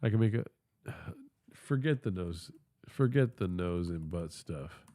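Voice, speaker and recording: A man's voice: low voice, animated, unhurried, mellow, no echo. A text-to-speech male voice reading polite, careful assistant replies full of advice. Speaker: AI chat assistant.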